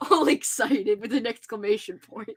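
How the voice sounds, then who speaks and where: A woman's voice: on the high side, wildly swooping pitch, slow pace, slightly rough. A young adult woman hosting a casual reading-sprint stream, chatting and laughing often. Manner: giggly, laughs often, playful voices. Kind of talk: casual chat.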